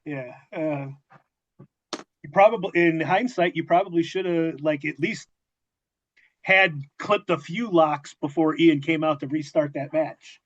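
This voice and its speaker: Male podcast host, higher voice, teasing conversational tone, slightly muffled sound. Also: a little slow, no room sound. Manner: teasing, chatty interviewer. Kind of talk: casual interview chat.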